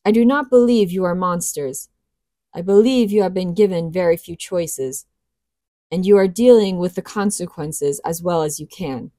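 A woman voicing a timid, gentle young princess who speaks earnestly. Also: lowish voice, normal speed, no room sound, natural voice. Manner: earnest, pleading.

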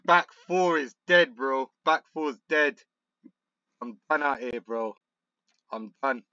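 A man's voice: medium pitch, takes it slowly, no echo, dull audio. Agitated young man. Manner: frustrated, excitable, swings between muttering and outbursts. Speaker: gaming YouTuber. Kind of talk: football manager game commentary.

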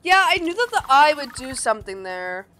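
A woman giving gameplay commentary, excitable and playful, bursting into mock-angry outbursts. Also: sits high, normal speed. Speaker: gamer. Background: game music.

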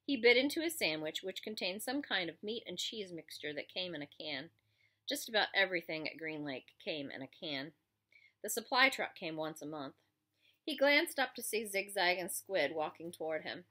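Woman reading a novel aloud, bright and lively. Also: on the low side, normal speed. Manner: expressive storytelling. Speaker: reader.

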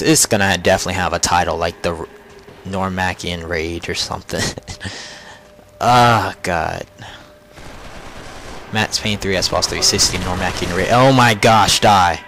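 A man's voice: sits low, unhurried, a bit bright, slight background noise. A young man narrating his own online shooter matches, frustrated and swearing as he mocks other players. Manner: frustrated, swearing, mocking opponents. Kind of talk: live gameplay commentary. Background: game gunfire.

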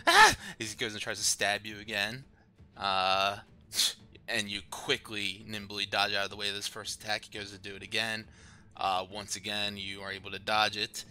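A man's voice: fairly low pitch, flat delivery, normal speed, sharp tone, smooth. A man narrating a live online tabletop game as dungeon master, laughing often and swearing casually.

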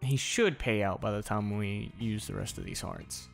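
A young man creating gaming content talks casually while playing, including speaking to on-screen enemies. His voice is lowish and sing-song with vocal fry, at a moderate pace. Faint game music can be heard.

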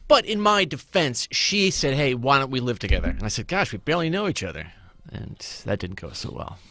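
A man co-hosting a casual talk show who gives reasonable, gently teasing replies. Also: medium pitch, big pitch swings, a little fast, no room sound. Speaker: co-host. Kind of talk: casual podcast chat.

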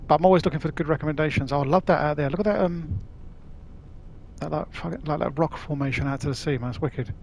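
Man, casual stream chat, swears a lot, somewhat high voice, faint background ambience. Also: fast talker, creaky, a little mellow, a little hiss or hum. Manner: chatty, laughs often, swears casually. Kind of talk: casual live-stream chat while playing.

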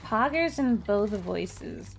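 A woman's voice: mid-range voice, expressive, slow, vocal fry, faint music behind. A young woman streaming casually, giggly and bashful, laughing often as she chats with her viewers. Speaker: VTuber streamer. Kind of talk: casual live-stream chat.

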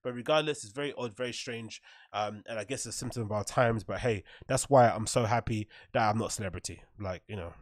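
Brief: male podcast host, brisk and blunt, opinionated monologue, dry close sound. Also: lowish voice, no echo. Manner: blunt, opinionated, peppered with "right?" and swearing. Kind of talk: casual commentary monologue.

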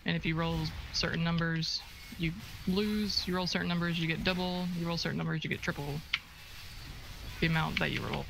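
A woman's voice: lowish voice, steady tone, a little fast, gravelly, noisy background. A woman live streamer chatting while she plays, stumbling over words and swearing when flustered, cold in her room. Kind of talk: casual chat while gaming.

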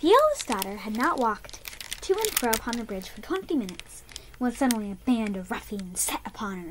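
A young woman reads a children's book aloud with lively, expressive storytelling. Her voice sits a little high, and a faint noise hums in the background. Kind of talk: reading a picture book aloud.

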